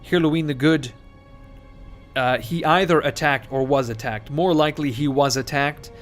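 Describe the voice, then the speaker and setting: A man's voice: fairly high pitch, moderate pace, soft background music. Male let's-play host, casual and chatty, thinks aloud and corrects himself. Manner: rambling, self-correcting, joking. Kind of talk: casual gameplay commentary.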